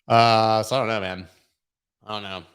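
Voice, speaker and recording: A man's voice: fairly low pitch, little pitch movement, normal speed, fairly bright tone, smooth. A man hosting a casual livestream chat, rambling and joking with lots of filler words. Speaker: host.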